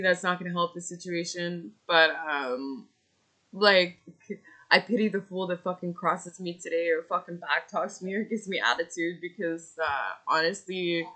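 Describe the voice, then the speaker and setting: Angry woman in her thirties ranting at the camera, cussing a lot, bright sharp voice. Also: on the low side, moderate pace. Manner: furious, swearing, venting in bursts. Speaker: vlogger. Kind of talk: angry personal rant to camera.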